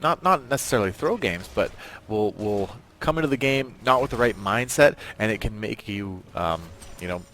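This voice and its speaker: A man's voice: on the low side, expressive, normal speed, fairly bright tone. A man giving laid-back, joking color commentary on an esports match.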